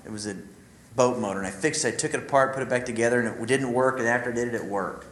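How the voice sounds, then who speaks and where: A man's voice: medium pitch, very fast, fairly bright tone, echoey room, low-quality recording. A man giving an earnest, confiding talk to a group of men, telling a personal story and speaking directly to his listeners. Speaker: ministry speaker.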